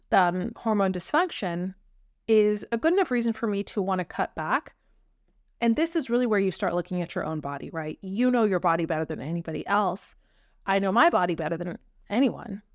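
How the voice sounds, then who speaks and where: A woman's voice: mid-range voice, no echo, studio quality. A woman hosting her own podcast, talking earnestly and frankly with frequent ums in a casual solo chat. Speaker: podcast host.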